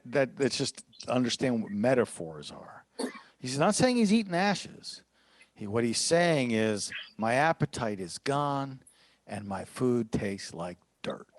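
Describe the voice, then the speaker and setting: Male pastor, sermon delivery, animated and conversational, dry close sound. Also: mid-range voice, no echo. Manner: teaching, conversational, often quoting the psalm aloud.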